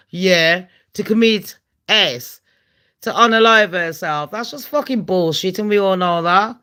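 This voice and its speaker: A woman's voice: mid-range voice, a bit bright. A woman from England with a Birmingham accent, hosting a casual live-stream chat, blunt, gossipy and foul-mouthed, slipping into mock accents. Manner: slips into mock voices and accents. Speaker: channel host.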